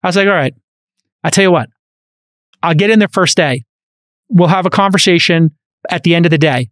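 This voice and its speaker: A man with a Brooklyn accent hosts a podcast conversation, his voice sitting a touch high. He talks in an animated, rambling way, full of fillers and restarts. The sound is close and dry, from a studio microphone. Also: brisk, no room sound. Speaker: podcast host. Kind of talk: casual interview chat.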